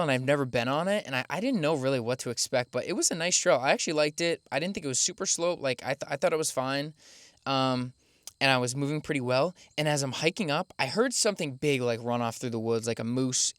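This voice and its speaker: A man's voice: mid-range voice, clean tone, no room sound, studio quality. A young man telling a long race story in a casual, chatty way, full of fillers, with laughs at his own expense. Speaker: podcast host recounting his race.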